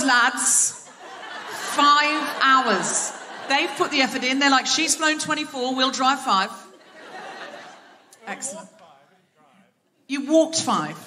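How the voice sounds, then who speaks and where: This host's voice sits a little high and a bit bright as she runs a live comedy podcast from a theatre stage. Playful banter with the crowd mixes with self-mockery, captured in a live theatre recording with clicking in the background.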